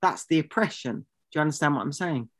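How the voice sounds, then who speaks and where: Male co-host, rambling indignant banter, pitched a little high. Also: lively intonation, fast talker, a bit bright. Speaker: podcast co-host. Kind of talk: comedy podcast banter.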